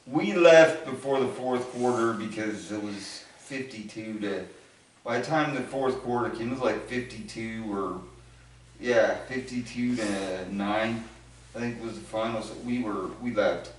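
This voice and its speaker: A man's voice: on the low side, unhurried. A man from Ohio telling a rambling anecdote in a casual chat, acting out what other people said. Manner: rambling anecdotes with acted-out quotes. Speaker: show regular answering questions. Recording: very echoey, from far off the mic.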